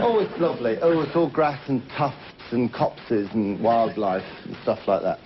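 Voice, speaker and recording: A man's voice: mid-range voice, takes it slowly. Cheeky male comic host, rambling monologue; dull, hissy vintage TV audio. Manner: cheeky, rambling, tall tales with asides to the audience. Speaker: comedy show host. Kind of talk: stand-up monologue in character. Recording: muffled old TV recording with hiss.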